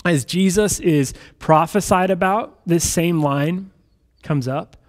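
A man preaching a sermon in a conversational, animated storytelling manner. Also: sits high, slow. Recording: hall reverb.

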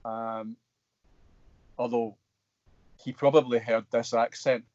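A man's voice: mid-range voice, slow pace, no echo. Middle-aged scottish guy rambling through stories, lots of restarts, dry muffled sound. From Scotland. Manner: animated, rambling with many restarts. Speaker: guest actor. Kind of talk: casual storytelling interview.

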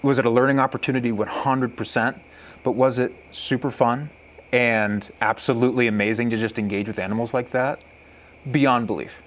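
A young man co-hosting a podcast, telling a story in a casual, animated way and mimicking animal calls. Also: medium pitch, brisk. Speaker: podcast co-host.

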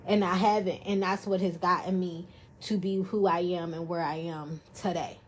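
A woman's voice: lowish voice, fairly even intonation, moderate pace, breathy edge. A woman hosting a podcast in casual chat, playful and jokey, talking into a studio microphone. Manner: playful, jokey, self-praising. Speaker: podcast host.

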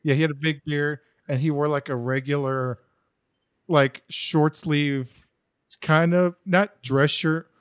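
A man's voice: on the high side, fairly even intonation, slow, clean tone, dry recording, clean studio sound. A young man co-hosting a podcast, telling a story in a rambling casual way with many fillers. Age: young adult. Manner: rambling, lots of likes and ums. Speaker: podcast co-host. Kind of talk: casual chat.

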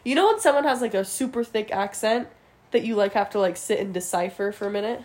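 Young woman from Utah, podcast co-host, chatty, animated storyteller. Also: medium pitch, fast talker. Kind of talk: casual chat.

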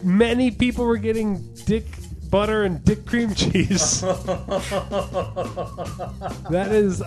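A man's voice: high-pitched, slow, over music. A man co-hosting a comedy podcast, reacting loosely with crude jokes. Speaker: podcast co-host. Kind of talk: casual comedic chat.

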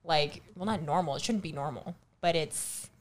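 Woman, young adult, casual chat, candid, swears a lot, slightly low pitch. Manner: candid, swears often, quick restarts. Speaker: podcast co-host.

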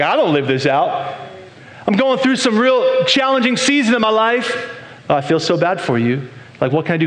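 A man's voice: high-pitched, echoey room. A man preaching a sermon in a conversational way, often repeating words as he builds a point. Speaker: pastor.

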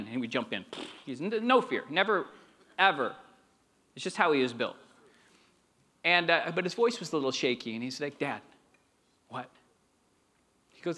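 Bright-voiced man preaching a sermon. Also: fairly high pitch, animated, moderate pace, pauses often. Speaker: pastor.

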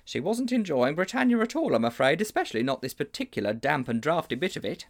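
A man's voice: fairly high pitch, big pitch swings, fast, gravelly, voice pushed up, heavily acted. A man voicing a flustered, lovesick male schoolteacher who stammers and frets. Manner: fretful, stammering, dramatic wailing.

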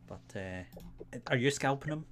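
A man's voice: medium pitch, expressive, normal speed, fairly bright tone. A man hosting a casual live-streamed podcast, laid-back, laughing often and swearing casually. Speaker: podcast host.

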